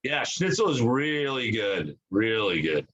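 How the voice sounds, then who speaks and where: Bright-voiced rambling young man. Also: fairly low pitch, very animated, a little slow, highs cut off, slight background noise. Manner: rambling storyteller, swears a lot, acts out quotes. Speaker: podcast co-host. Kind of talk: casual chat.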